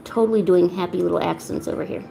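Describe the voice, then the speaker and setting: Young female streamer, casual and chatty, slight vocal fry. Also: fairly low pitch, fairly even intonation, fast talker, dark tone, slight background noise. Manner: rambling, chatty, talks to chat and a pet. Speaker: art streamer. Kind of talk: casual livestream chat while painting.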